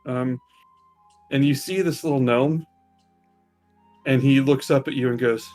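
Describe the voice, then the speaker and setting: A man running a tabletop game as game master, narrating loosely with many ums and pauses. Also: mid-range voice, steady tone, darkish tone, soft background music. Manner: loose, hesitant, lots of ums.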